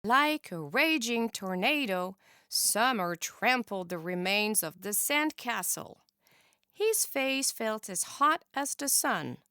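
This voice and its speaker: A woman teacher reads a children's picture book aloud, her pitch swinging widely with expressive energy. She reads slowly and clearly in a bright, crisp tone. The recording is close and dry. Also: no echo. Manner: expressive and animated. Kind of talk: children's storybook read-aloud.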